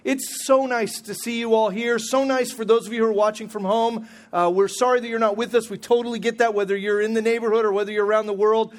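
High voiced guy preaching, chatty and funny, restarts his sentences a lot. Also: steady tone, fast talker, few pauses. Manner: conversational, humorous, self-correcting. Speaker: pastor. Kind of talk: sermon.

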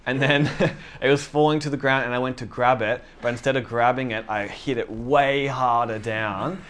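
A man's voice: medium pitch, fairly even intonation, moderate pace, fairly bright tone. A young man giving a sermon as a casual story, self-deprecating and chatty, with many fillers and quoted asides to himself. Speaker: preacher.

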